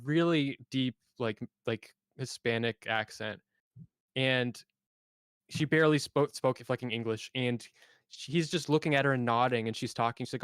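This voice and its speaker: A man's voice: mid-range voice, fairly quick, a bit bright, clear, resonant tone, dry recording. A young man telling a story in casual chat on a voice call, rambling and full of filler words. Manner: rambling, heavy use of filler "like". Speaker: online debate participant.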